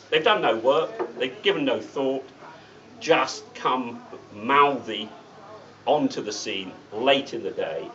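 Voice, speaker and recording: A man's voice: mid-range voice, animated, takes it slowly, pushed and bright. A middle-aged man giving a political speech at a meeting, blunt and anecdotal with sardonic asides. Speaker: guest speaker at a political meeting. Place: meeting room. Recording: distant mic, dull sound, faint hiss.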